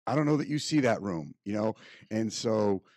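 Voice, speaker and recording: A male podcast host speaks in a lowish, earnest voice, measured and openly emotional as he reflects on his guest's story. The sound is dry and close, with no room around it. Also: expressive, a little mellow, no echo. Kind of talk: reflective interview talk.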